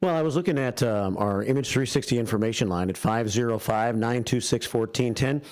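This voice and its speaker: Joking radio host reading aloud. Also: male voice, mid-range voice, fairly quick, darkish tone. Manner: joking, reads aloud with stumbles. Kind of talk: radio talk show, reading a listener message. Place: radio studio.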